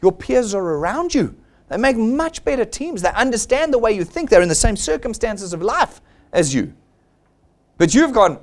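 South African male presenter, blunt and persuasive, higher pitch with a lively swing. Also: normal speed. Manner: blunt, persuasive, acts out quoted people. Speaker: seminar presenter. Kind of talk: motivational sales seminar talk.

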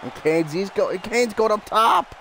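A man streaming a wrestling video game live, shouting and swearing excitedly at the action while losing his voice. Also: high voice, measured pace, faint music behind, some chatter behind, low-quality recording. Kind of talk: excited live gameplay commentary.

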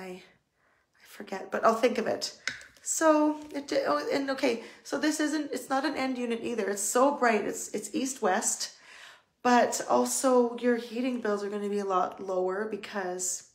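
Chatty Canadian woman giving a home tour. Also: fairly high pitch. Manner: chatty, upbeat, full of fillers and restarts. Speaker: real estate agent. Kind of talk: live video home tour. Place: indoors in a house, walking through rooms.

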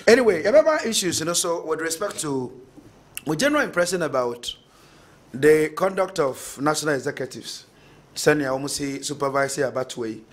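A man's voice: fairly high pitch, animated, normal speed. A Ghanaian man hosting a radio talk show, chatting casually, laughing often and reading out listener messages.

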